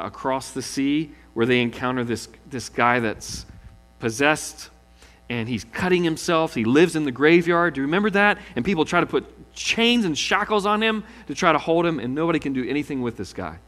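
A man's voice: mid-range voice, fairly bright tone, in a large hall. A male pastor preaching a sermon, telling stories with animation and acting out the quoted lines.

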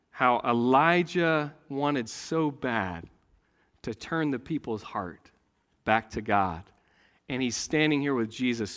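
A man preaching a sermon, telling a story with great animation and swinging between loud and hushed delivery. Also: medium pitch, long reverb tail.

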